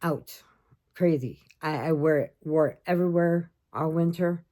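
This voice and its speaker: Middle-aged woman vlogger, low-pitched, chatty storyteller, casual to camera. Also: unhurried. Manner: chatty storyteller, animated quoting of others. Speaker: crochet vlogger.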